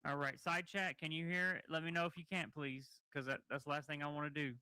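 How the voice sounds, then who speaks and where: A man's voice: on the high side, level tone, fast talker, bright, forceful tone, clean tone, no room sound. A man co-hosting a livestream, chatty and rambling as he talks to the chat. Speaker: livestream co-host.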